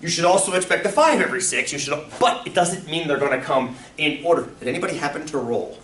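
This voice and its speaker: A man teaching a lively classroom lesson, breaking into loud bursts of excitement. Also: a little high, fast, hardly any pauses, a little hiss or hum. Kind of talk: classroom lecture. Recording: echoey classroom from far off.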